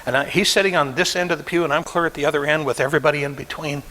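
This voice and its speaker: Storytelling pastor in a reverberant hall. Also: male voice, on the high side, steady tone, rapid-fire, pushed and bright. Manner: emotional, acts out quoted voices. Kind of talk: sermon storytelling.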